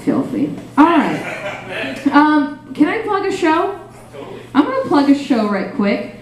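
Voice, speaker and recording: A woman's voice: high-pitched, huge pitch swings, slow pace, distant mic. A young woman doing a stand-up set in a small cafe, rambling and self-deprecating, full of fillers. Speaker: stand-up comedian. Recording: very echoey room, faint ambience.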